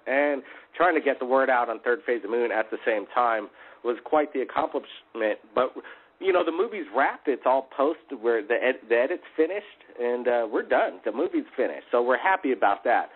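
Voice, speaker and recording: A man hosting a live call-in radio show, upbeat and chatty, with plenty of fillers. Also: medium pitch. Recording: phone-like narrow audio.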